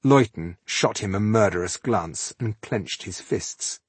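A man narrating an audiobook in a measured, expressive storytelling style. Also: fairly low pitch, husky, no echo. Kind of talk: scripted narration.

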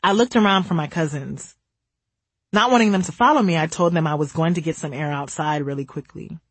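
A woman's voice: low voice, a little fast, breathy edge, no room sound. A woman from the United States, narrating her own memoir in a candid, wry way.

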